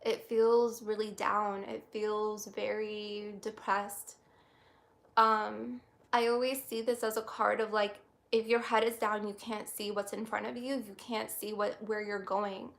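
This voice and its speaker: A woman doing a tarot reading on a livestream, reflective and halting, close to tears. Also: medium pitch, little pitch movement, creaky. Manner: soft, reflective, halting with many restarts. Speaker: tarot reader.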